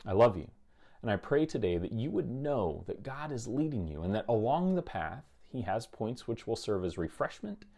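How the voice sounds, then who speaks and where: A man giving a short devotional talk from his office into a microphone, calm, measured and reflective. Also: medium pitch, creaky. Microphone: studio microphone.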